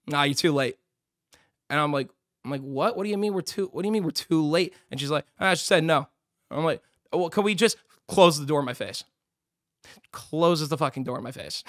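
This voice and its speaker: A young man streaming live, telling a long story in a rambling, excitable way, swearing and acting out other people's lines. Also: on the high side, no room sound, clean studio sound.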